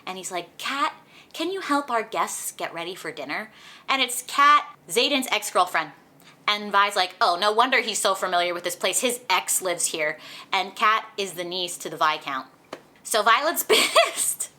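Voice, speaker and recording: A young woman chatting through a book recap for her vlog, animated and full of "like", recorded at home. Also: medium pitch, normal speed, a little hiss or hum. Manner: chatty, animated retelling with lots of "like". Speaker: book vlogger. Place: indoors at home, sunlight on her face.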